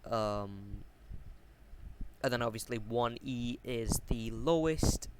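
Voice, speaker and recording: A man's voice: medium pitch, slow. A man casually retelling a fan story, hesitant and full of ums and restarts, talking into a computer mic on a voice chat. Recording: noisy home mic recording.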